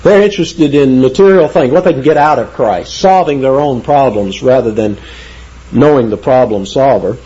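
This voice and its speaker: A man teaching the Bible verse by verse in an emphatic way, slowing down to read scripture aloud. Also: medium pitch, warm tone, slightly rough. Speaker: preacher. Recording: dull lo-fi sound.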